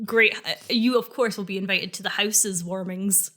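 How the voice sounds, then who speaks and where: A woman in her thirties co-hosting a podcast in casual, animated chat, often laughing. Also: mid-range voice, moderate pace. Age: 30s. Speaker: podcast co-host.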